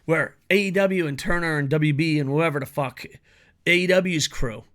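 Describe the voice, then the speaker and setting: A man's voice: on the high side, normal speed, fairly bright tone. A man giving a blunt, profanity-heavy solo opinion rant as a wrestling commentary YouTuber.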